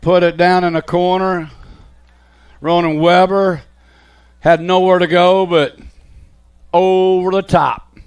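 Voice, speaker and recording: Guy announcing bmx races live, high smooth voice, hyped play by play. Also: takes it slowly, long pauses. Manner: excited play-by-play calling riders and positions. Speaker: race announcer. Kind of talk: live race commentary.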